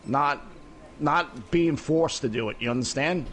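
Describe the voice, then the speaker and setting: A man's voice: a little high, measured pace, a bit bright, slight background noise. A middle-aged man in casual voice chat while gaming, rambling and swearing, peppering his talk with "you know what I mean". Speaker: gamer in voice chat.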